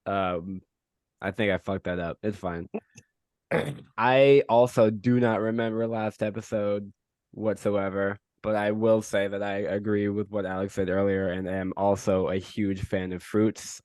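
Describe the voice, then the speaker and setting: A man playing the rogue in a tabletop role-play podcast, joking in a deadpan, playful way. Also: lowish voice, unhurried, no room sound, studio quality. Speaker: player. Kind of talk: casual tabletop podcast chat.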